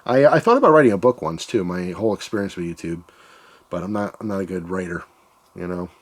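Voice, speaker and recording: Low-pitched, animated and fast, this man's voice carries a rambling, candid vlog on the channel he hosts. It's a casual, reflective monologue in which he describes himself as an emotional person.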